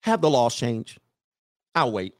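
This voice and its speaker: A man's voice: mid-range voice, big pitch swings, slow. A man hosting a livestream show, giving a mocking, profane monologue full of repeated rhetorical questions.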